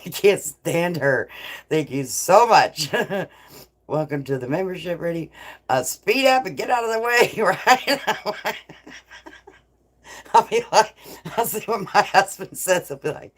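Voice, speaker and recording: A woman's voice: fairly low pitch, expressive, measured pace, pauses often. A middle-aged woman hosting a casual live chat, laughing often and swearing freely as she reads viewers' comments. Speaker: livestream host.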